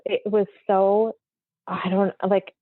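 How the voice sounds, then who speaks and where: A woman's voice: medium pitch, level tone, slow, no room sound. Chatty woman on a tinny line. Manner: chatty, rambling, lots of fillers. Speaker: guest medium. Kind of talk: casual storytelling in a podcast interview. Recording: dry, thin phone-like audio.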